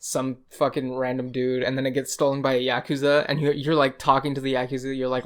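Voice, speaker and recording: A man's voice: mid-range voice, completely flat delivery, fast, hardly any pauses. A young man co-hosting a podcast in casual chat, rambling and swearing as he retells game scenes with a laugh. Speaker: podcast co-host.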